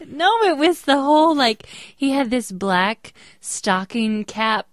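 A woman's voice: fairly high pitch, animated, slow, no room sound, clean studio sound. A woman co-hosting a podcast, chatting expressively and teasing her co-host. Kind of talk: casual chat.

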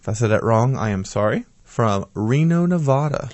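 A man reads listener feedback on a casual podcast and adds playful asides between the messages. His voice sits at an ordinary pitch. The recording is close and dry, with no room sound. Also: animated, moderate pace, a little mellow, dry recording. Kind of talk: casual chat.

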